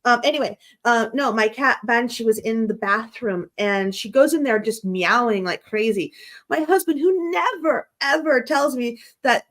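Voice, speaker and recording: A woman's voice: fairly high pitch, normal speed, a bit bright. Rambling, congested woman on a call. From United States. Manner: rambling, laughing, self-correcting. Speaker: paranormal investigator guest. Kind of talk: casual chat.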